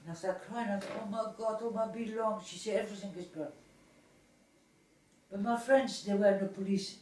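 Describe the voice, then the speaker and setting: Casting note: older mother telling a story, mellow voice, a bit distant in a roomy space with faint hiss. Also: medium pitch, a little fast. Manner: lively anecdotal telling with laughter and restarts. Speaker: mother recounting memories. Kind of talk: family storytelling, home recording.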